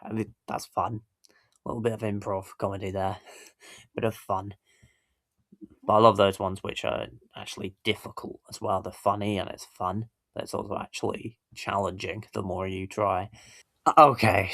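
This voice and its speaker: Man, very deep voice, gravelly, dry close sound, rambling casual commentary. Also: little pitch movement, moderate pace, fairly bright tone, no echo. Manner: rambling, self-correcting, chuckling. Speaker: YouTube reaction host.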